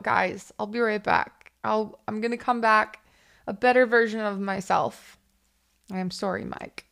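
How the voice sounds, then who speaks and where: A woman's voice: medium pitch, measured pace, creaky, long pauses, soft background music. A woman streamer chatting casually on a livestream and laughing often. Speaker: Twitch streamer.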